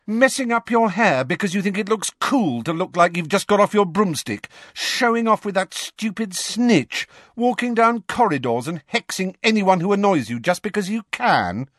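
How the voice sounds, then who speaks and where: A man voicing an angry, proud teenage schoolgirl who speaks in sharp, scornful outbursts. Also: sits high, expressive, normal speed, hardly any pauses, dry recording, studio quality, pitched above the performer's own voice.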